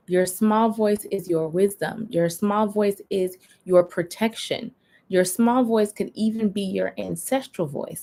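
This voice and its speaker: A woman coaches her live-stream viewers in a conversational, sermon-like way. Her voice sits mid-range with a gravelly, fry-laced texture. She slows down and stretches key words for emphasis. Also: medium pitch, darkish tone. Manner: conversational, preachy, drawn-out emphasis. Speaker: life coach and spiritual guide.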